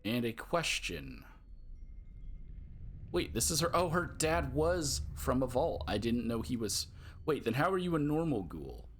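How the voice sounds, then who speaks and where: Chatty gamer with a lively voice. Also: male voice, medium pitch, a little slow, slight background noise. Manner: chatty, amused, reads dialogue options aloud. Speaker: gamer playing and commenting. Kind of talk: casual gameplay commentary.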